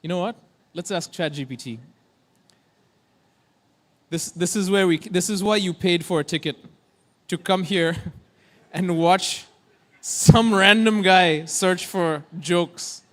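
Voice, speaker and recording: A man's voice: sits high, slow pace, pauses often, fairly bright tone. A man hosting a tech conference on stage, joking and chatting playfully with the crowd. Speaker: conference emcee. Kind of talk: casual stage banter.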